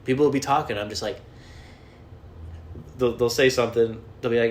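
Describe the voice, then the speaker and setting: A man's voice: on the low side, fairly even intonation, fast, a little hiss or hum. A young adult man hosting a solo podcast from his home, rambling, cursing and making fun of himself as he jumps from topic to topic. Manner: self-deprecating, profane, jumps between topics. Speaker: podcast host and comedian. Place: at home indoors.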